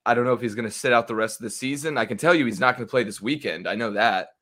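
A man's voice: mid-range voice, very fast, a bit bright. A young man in casual, opinionated sports chat with a friend, swearing freely. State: hiccups.

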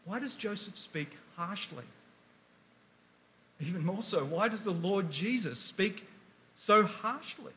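A man's voice: high-pitched, animated, takes it slowly, long pauses, sharp tone, slight background noise. A man preaching a sermon, emphatic, asking rhetorical questions and reading scripture aloud.

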